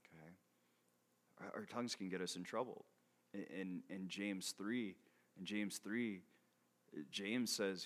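A pastor with a mid-range, fairly bright voice preaches a sermon in a casual, conversational style. He often checks in with "okay?", laughs between points, and repeats words when he restarts.

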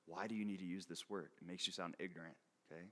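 This pastor's low, a bit bright voice moves fast with fairly even intonation. His sermon is casual and conversational, punctuated by frequent "okay?" check-ins, laughter between points and repeated words as he restarts.

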